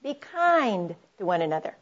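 A middle-aged woman speaks earnestly to a live audience about marriage, in the manner of a sermon, quoting scripture and calling the listeners her friends. Her voice sits at an ordinary pitch for a woman. The recording is dull and slightly lo-fi. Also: big pitch swings, normal speed.

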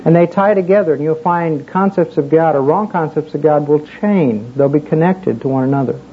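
A man's voice: a little high, a little fast, slightly rough. A man preaching a casual sermon, telling a personal story in a folksy, conversational way with many fillers. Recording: muffled with faint background hiss.

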